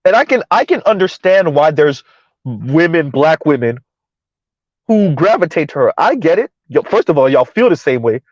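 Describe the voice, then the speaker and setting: A man's voice: on the high side, very animated, normal speed, a little mellow, no room sound, highs cut off. A man hosting a live stream in casual commentary, mocking and sarcastic as he answers his chat.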